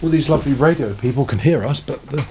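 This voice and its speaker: Radio host, chatty, fussing, middle pitch, faint background hiss. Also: fast talker, darkish tone. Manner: chatty, fussing, calls the guest dear. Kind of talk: casual chat. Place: small radio studio with cameras.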